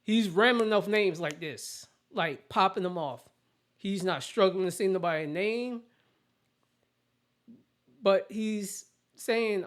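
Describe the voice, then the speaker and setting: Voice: mid-range voice, slow pace, long pauses. A show host giving casual political commentary in a blunt, opinionated rant, often restarting sentences.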